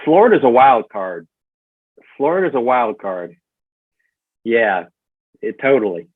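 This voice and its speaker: A man's voice: mid-range voice, big pitch swings, a little slow, slightly rough, dry recording. A man with a Southern US accent, a podcast guest talking in a rambling, casual way full of fillers and restarts. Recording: tinny phone-like line, dry.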